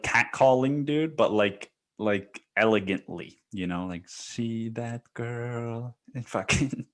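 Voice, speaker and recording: A man hosts a solo podcast in casual storytelling mode, with a lowish voice and an unhurried pace. He swears freely, laughs often and drops "dude" into nearly every sentence. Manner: profane and laughing, peppered with "dude". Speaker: podcast host.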